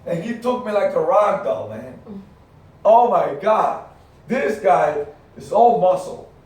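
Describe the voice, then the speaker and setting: A middle-aged man giving an energetic, emphatic motivational talk to his team, telling stories with punchy repetitions. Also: high voice, slow pace. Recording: very echoey room, far from the mic, faint noise.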